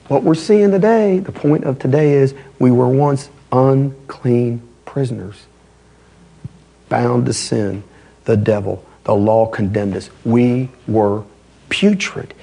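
A man's voice: mid-range voice, slow pace, vocal fry, warm tone, slightly rough. A male pastor delivering a sermon in an emphatic, conversational way.

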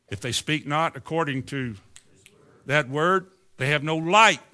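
A preacher delivers a fiery sermon in a somewhat high, bright voice. He drops to low, quiet musings, then climbs to loud, exclaiming challenges. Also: measured pace, pauses often.

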